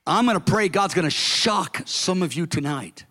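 A man preaches to his congregation, his voice pitched high for a man. He slows right down and stresses the words when he speaks the characters' lines. The sound rings out with the long reverb of a large hall. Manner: animated preaching, acting out the father's words slowly and emphatically. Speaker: pastor. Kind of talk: sermon.

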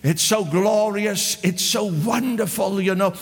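A preacher acting out a ranting wicked official. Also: male voice, high voice, a little slow, long reverb tail. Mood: fawning. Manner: indignant, ranting. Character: boastful, wicked royal official, a grown man. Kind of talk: sermon storytelling.

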